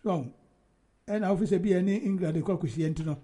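A man hosting a casual football chat, animated and laughing often, talking over his co-host. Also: high-pitched, a little fast, breathy edge.

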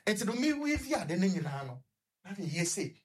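A man with a Ghanaian accent talks as a guest in a radio studio. His voice is husky and breathy. He tells his own story haltingly, stopping and restarting often and hunting for words. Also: high voice, very animated. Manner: halting, rambling, many fillers and restarts. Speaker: guest recounting his experience. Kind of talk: personal story on a radio talk show, code-switching.

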